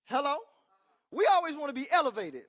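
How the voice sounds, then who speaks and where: A male preacher with a very high-pitched voice delivers a brisk, highly animated sermon. He peppers it with forceful call-and-response asides and shifts between booming proclamations and hushed comments.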